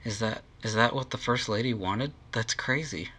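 A man's voice: mid-range voice, normal speed, pushed and bright, breathy edge. A man reading an indignant young magical girl.

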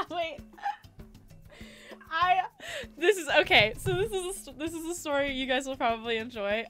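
A woman's voice: high-pitched, normal speed, pushed and bright, soft background music. A young American woman, a musician streaming a game, chatting casually and rambling through stories between frequent laughs. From United States. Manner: chatty, rambling storyteller who often laughs. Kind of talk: casual chat while gaming.

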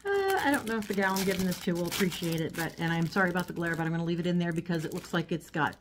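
Animated and rapid-fire, this woman speaks in a lowish voice with background noise and crinkling packaging audible. A vlogger recording on a phone, she casually chats and rambles while unboxing a haul of small items at home, handling them as she talks.

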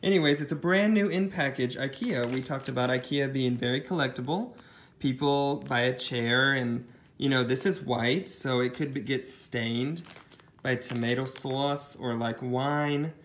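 A man's voice: medium pitch, a little slow, fairly bright tone, slight background noise. A man casually chatting as he shows off a thrift haul, rambling with lots of ums and side comments. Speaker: thrift reseller showing a haul. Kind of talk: casual haul vlog chat.

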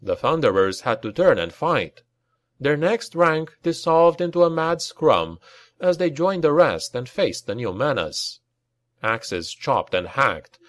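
Male narrator for grim fantasy audiobook, lively dramatic delivery, dead-dry booth sound. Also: a little slow, no room sound. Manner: dramatic reading, raising pitch for shouted lines. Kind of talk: scripted narration.

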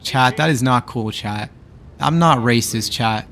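A man's voice: mid-range voice, a little slow, fairly bright tone. A man streaming live, chatting casually and teasing back and forth with his viewers. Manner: bantering with chat, teasing and exasperated.

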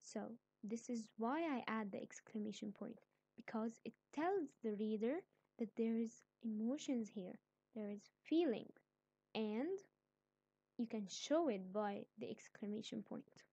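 A woman teaches a grammar lesson, patient and methodical, breaking each point into small steps. Her voice sits fairly high but sounds soft and mellow, and the recording is close and dry with no room sound. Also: expressive, unhurried, husky, no room sound, lo-fi sound. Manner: patient, explains step by step, then acts out example sentences.

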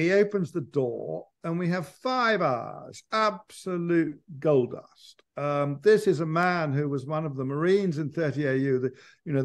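A man, a biographer guesting on an interview and telling long, digressive stories with frequent restarts. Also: fairly high pitch. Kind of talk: conversational interview.

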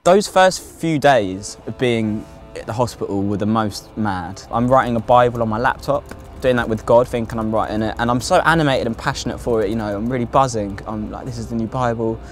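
This young man's mid-range voice runs a little fast with few pauses as he candidly describes his own psychosis in a documentary, full of fillers and swearing. Faint music sits behind him.

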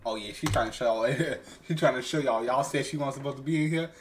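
A man hosting a casual reaction video on his channel, animated, often breaking into laughing shouts and tagging lines with "boy". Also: mid-range voice, brisk, a little hiss or hum. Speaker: YouTube reaction host. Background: hip hop music playing.

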